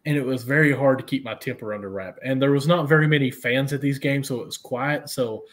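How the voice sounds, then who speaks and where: A man's voice: medium pitch, a little fast. A young man co-hosting a casual sports chat, talking in a chatty way and laughing easily. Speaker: podcast co-host.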